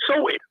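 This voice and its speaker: A man's voice: narrow, tinny audio, noisy background. A man calling in to a live stream, chatting politely and giving blessings. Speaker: caller. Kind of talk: casual phone call.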